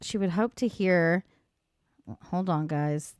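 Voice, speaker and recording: Woman stream host, casual offhand asides, crisp voice, dry close sound. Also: fairly low pitch, slow, darkish tone, no room sound. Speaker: livestream host. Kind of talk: casual chat, reacting to a story.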